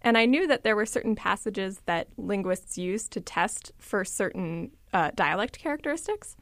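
Lively woman telling a story. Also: mid-range voice, normal speed, dry recording. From suburbs of Washington, D.C. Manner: lively, storytelling, quotes others. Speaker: reporter. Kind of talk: conversational radio chat.

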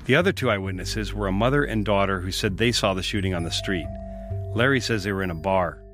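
A man hosting and narrating a true-crime report, telling the story in a measured, matter-of-fact way and putting questions to an interviewee. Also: low voice, a bit bright, soft background music. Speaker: podcast host and reporter.

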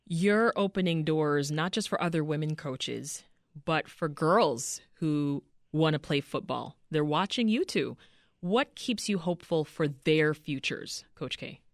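A woman hosting a radio interview, her voice sitting low in pitch. She frames her questions in a measured, attentive way, recorded dry and close. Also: no echo. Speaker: radio host.

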